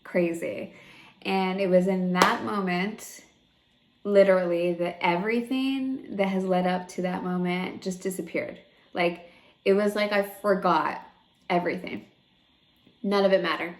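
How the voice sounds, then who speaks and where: A woman's voice: fairly low pitch, unhurried, slight background noise. A young woman vlogging about her own experience in a chatty, candid way, full of fillers and close to tears at moments. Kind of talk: personal vlog storytelling.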